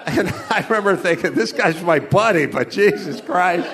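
A man's voice: high voice, lively intonation, moderate pace, crowd noise. A middle-aged man telling crude, rambling comedy stories, laughing at his own jokes. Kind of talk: loose stand-up storytelling.

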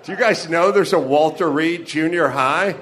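A man's voice: fairly high pitch, moderate pace, fairly bright tone, a little hiss or hum. A man from the Los Angeles area performing a stand-up comedy monologue live on stage, ranting with profanity and wry asides.

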